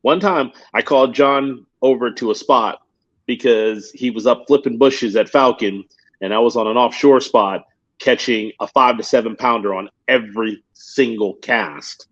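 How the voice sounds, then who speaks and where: Male guest with a mid-range voice, tells quick fishing anecdotes, laughs easily, slightly dull lo-fi sound. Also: medium pitch, a bit bright. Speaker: guest and professional bass angler. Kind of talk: casual storytelling chat.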